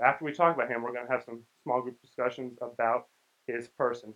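A young man preaches in a relaxed, conversational way and voices the people in the story as he goes. His voice sits at an ordinary mid pitch. The recording is muffled and lo-fi. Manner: conversational, acts out the characters' lines. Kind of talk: casual sermon.

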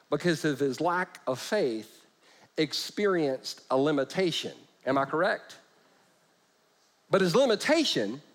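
A man's voice: a little high, fairly bright tone. A man preaching a humorous sermon, joking as he retells scripture. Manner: playful, joking, acts out scripture with voices. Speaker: pastor.

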